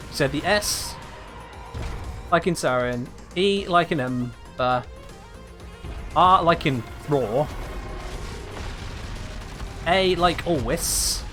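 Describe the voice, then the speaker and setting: A man's voice: fairly high pitch, extremely slow, long pauses. A man streaming a video game live, chatting casually and musing aloud to his viewers about how to pronounce a name. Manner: chatty, muses aloud, keeps asking viewers about a pronunciation. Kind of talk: casual live-stream chat while gaming. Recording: game music loud behind the voice. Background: game music.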